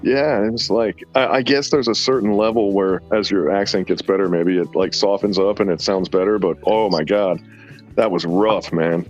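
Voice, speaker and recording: A man's voice: sits low, steady tone, moderate pace, darkish tone. Laid-back guy rambling thru stories, kinda dull audio, faint music behind. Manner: rambling storyteller, drawling, says "man" often. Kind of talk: casual banter.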